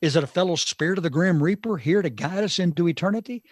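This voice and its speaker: A man teaching from the Bible on a talk show, slow and emphatic, with dramatic pauses and sudden shifts in loudness. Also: high voice, dry recording.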